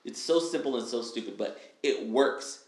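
A man talking on a podcast, lively and casual, who acts out little quoted lines in other voices. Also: mid-range voice, moderate pace, roomy sound. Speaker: guest speaker. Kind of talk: energetic podcast interview.

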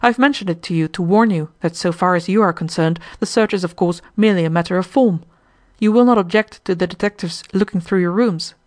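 A woman voicing a shrewd, calm male millionaire hotel owner, speaking in a quiet, deliberate way. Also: on the low side, lightly acted. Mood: cool.

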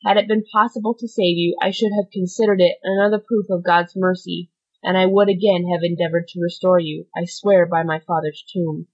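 A calm, grave nobleman bent on vengeance, speaking in measured, solemn tones, read by a woman in a low voice. The recording is dull and lo-fi. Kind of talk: audiobook character reading.

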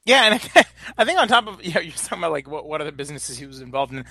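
A man with a fairly high, bright and sharp voice co-hosts a podcast. He fills his talk with "like" and hedges as he goes. The recording is dry and close. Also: very animated, quick pace, no echo. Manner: hedging, lots of "like", swears. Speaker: podcast co-host. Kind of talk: casual political banter.

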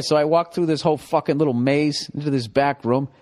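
A middle-aged man with a Boston accent, hosting a podcast with a profane, animated comedic ramble. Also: a little high, brisk. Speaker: podcast host.

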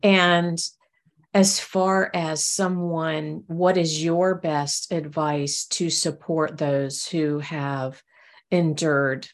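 A woman hosting a podcast interview, affirming her guest and halting with frequent fillers as she asks questions. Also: sits low, steady tone. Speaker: podcast host.

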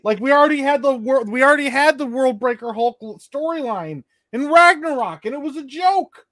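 Man, high voice, sarcastic, swears a lot, dry close sound, casual co-host chat. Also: animated, fairly quick, a bit bright, dry recording. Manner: profane, sarcastic, acts out scenes in voices. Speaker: podcast co-host.

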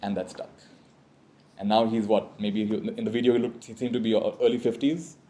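A man with a mellow, warm tone teaches a live audience in a reflective spiritual talk. He leads call-and-response phrases and keeps checking in with a quick "right?". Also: fairly low pitch, level tone, slight background noise.

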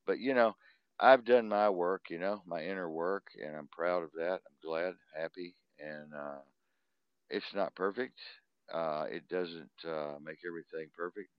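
A man with a very deep voice co-hosts a live talk stream, circling back on his points and swearing freely. The sound is dry and close, with a dull, lo-fi quality. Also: no echo. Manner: rambling, repetitive, blunt and profane. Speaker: co-host.

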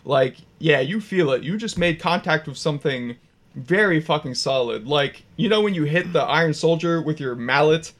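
A man's voice: on the high side, animated, moderate pace. Casual, profane game master man. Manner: casual, profane, filler-heavy narration. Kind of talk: narrating a tabletop game.

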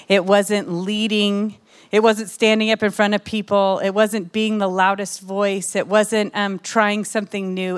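A young adult woman giving an emotional, animated testimony sermon to a women's church gathering, with many asides to the crowd. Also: lowish voice.

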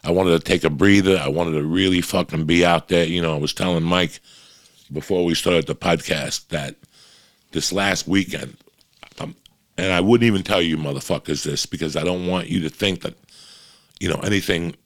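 Guy hosting a podcast, real low voice, swears a lot, dry close sound. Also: fairly even intonation, moderate pace, dry recording. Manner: blunt, profane, talks straight to listeners. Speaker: podcast host. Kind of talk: casual chat.

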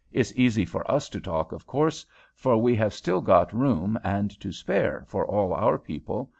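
A man's voice: fairly low pitch, gravelly, darkish tone, full character voice. A man reading aloud, voicing an easygoing American traveller who questions things in a mildly skeptical, drawling way. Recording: dull lo-fi home recording.

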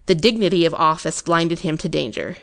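Woman narrating a ghost story, lowish voice. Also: vocal fry. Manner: measured, expressive reading.

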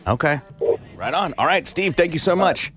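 A man hosting a call-in radio show, greeting callers, joking and briskly moving them along. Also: a little high, animated, fairly bright tone, faint music behind.

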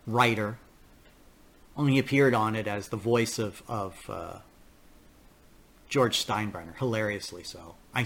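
An older man hosting a political podcast, ranting bluntly in a casual, profane monologue and laughing at his own stories. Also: lowish voice. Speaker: podcast host.

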